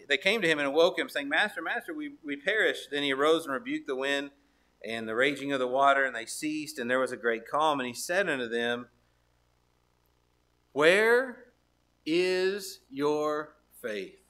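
A man preaching a sermon, reading Bible verses and turning them into conversational rhetorical questions, stopping now and then to clear his throat. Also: mid-range voice, a little fast, bright, forceful tone.

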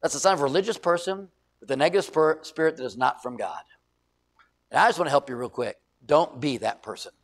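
A middle-aged male pastor preaching a sermon, telling stories with loud emphasis and quiet asides. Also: fairly high pitch, fast. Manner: animated storytelling, shifts between loud emphasis and quiet asides.

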